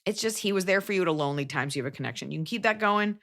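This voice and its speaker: A woman's voice: lowish voice, expressive, rapid-fire, a bit bright. A young adult woman hosting a podcast, giving blunt, profane advice in a casual chat and jumping into quoted voices. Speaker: podcast host.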